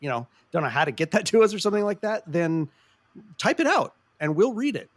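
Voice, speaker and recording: A man's voice: high voice, very animated, brisk, no room sound. Casual, swearing podcast co-host man. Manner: casual and profane, laughs often. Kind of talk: casual chat.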